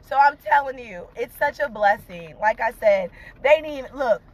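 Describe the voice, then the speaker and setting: A woman's voice: on the high side, expressive, moderate pace, rough recording. A woman vlogger and mother, crying as she talks to viewers from inside a car in a fervent, emotional way, repeating uplifting phrases. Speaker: vlogger, mother of two young entrepreneurs. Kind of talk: emotional casual talk to viewers.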